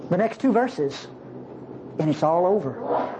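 A woman preaching a sermon in an animated, conversational way, asking the congregation questions. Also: lowish voice, slow pace, background noise.

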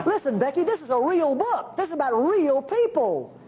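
A preacher delivering a sermon in an animated way, with jokey asides to the congregation. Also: high-pitched. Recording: slightly dull recording with faint hiss.

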